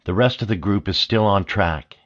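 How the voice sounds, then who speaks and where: A man's voice: on the low side, moderate pace, fairly bright tone, lo-fi sound. A man reading a hardened young woman in an audiobook, with a curt, icy delivery. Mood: cold.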